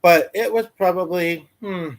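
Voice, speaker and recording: A man's voice: sits high, unhurried. A man hosting a casual livestream, telling a meandering everyday story full of fillers and restarts. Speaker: livestream host. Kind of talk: rambling casual livestream chat.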